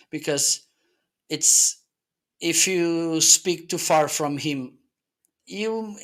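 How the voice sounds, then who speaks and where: A man's voice: on the high side, pushed and bright. A man hosting a live stream, giving a casual product demo of desk microphones and often checking in with "okay?". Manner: chatty, keeps checking in with "okay?". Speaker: live-stream host reviewing gear. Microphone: desk USB microphones being tested.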